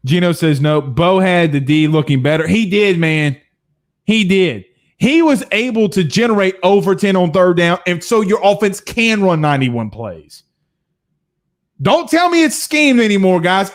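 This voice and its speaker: A higher-pitched man with a drawl, hosting a loose post-game sports talk stream. He talks bluntly and heatedly, swears freely and breaks into laughs between rants. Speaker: sports show host reading viewer comments.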